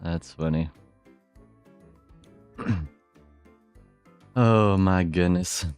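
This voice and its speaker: A man's voice: low-pitched, drawn-out words, darkish tone, clean tone, soft background music. A young man chatting casually on a live stream, rambling through stories and laughing often.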